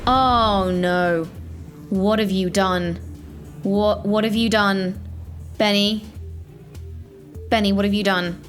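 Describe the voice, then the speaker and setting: Brief: a woman hosting a let's play, chatty and easily flustered, mid-pitched voice, faint game music under her. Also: fairly even intonation, takes it slowly, long pauses. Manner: flustered and exclamatory, many fillers. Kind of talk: video game commentary.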